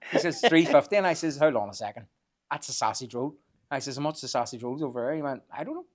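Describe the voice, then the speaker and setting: A man, telling animated anecdotes as a podcast guest and swearing freely. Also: mid-range voice, fast. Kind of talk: casual storytelling chat.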